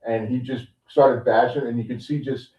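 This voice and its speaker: A man's voice: mid-range voice, moderate pace, distant mic. Chatty man recapping in a roomy room. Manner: animated storytelling with many fillers. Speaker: podcast co-host. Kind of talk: casual chat, recapping a wrestling show. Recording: dull, roomy sound from off-mic.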